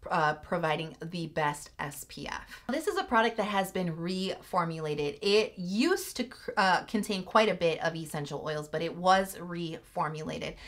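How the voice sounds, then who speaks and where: A woman's voice: lowish voice, expressive, moderate pace, hardly any pauses, fairly bright tone. A woman vlogger chatting enthusiastically through a skincare product review, laughing now and then. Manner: chatty, enthusiastic, laughs often, frequent "like" and "you know". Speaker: beauty vlogger reviewing sunscreens. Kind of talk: casual product review to camera.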